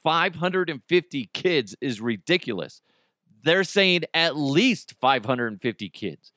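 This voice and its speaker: Male podcast host in his thirties: blunt, crude, self-mocking; bright tone, dry close mic. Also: on the high side, very animated, measured pace, dry recording. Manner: profane, blunt, self-mocking, laughs often. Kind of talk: casual solo podcast rant.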